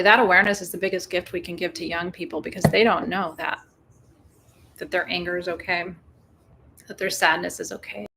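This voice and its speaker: A woman's voice: on the low side, vocal fry, pushed and bright, slight background noise. A woman hosting a full moon ritual, chatting casually and calling in guides with playful whoops. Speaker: spiritual ritual host. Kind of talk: casual livestream ritual talk.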